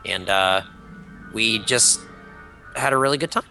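A man's voice: fairly low pitch, a little slow, sharp tone, faint music behind. A man from California, chatting casually on a podcast with crude, teasing humor. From California, USA. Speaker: podcast co-host. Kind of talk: casual chat.

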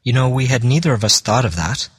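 A man reading a classic story aloud as an audiobook narrator, in a measured storytelling manner. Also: mid-range voice, expressive, slightly rough, dry recording. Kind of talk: scripted narration.

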